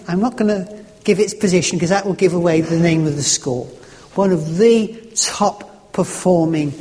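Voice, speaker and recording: Earnest preacher in an echoing hall. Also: male voice, high voice, darkish tone. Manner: earnest, halting, with frequent restarts. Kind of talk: sermon storytelling. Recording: echoey hall.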